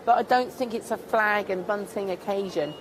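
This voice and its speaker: An earnest woman from Devon answers questions in a casual street interview. She speaks into a handheld mic on a city street, with street noise clearly audible behind her. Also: medium pitch, normal speed, low-quality recording. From Devon, England. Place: busy city street outdoors. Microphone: handheld microphone held out to her.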